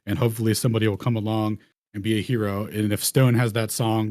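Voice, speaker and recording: A man's voice: lowish voice, fairly even intonation, brisk, darkish tone, no room sound, studio quality. A man hosting a round table, talking casually and slangily over slides, rambling and restarting phrases. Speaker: host.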